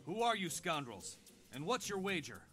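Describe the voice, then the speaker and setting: A showy pirate tavern announcer. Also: male voice, sits high, big pitch swings, moderate pace, bright, forceful tone, faint music behind, heavily acted. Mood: gruff. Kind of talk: video game voice acting.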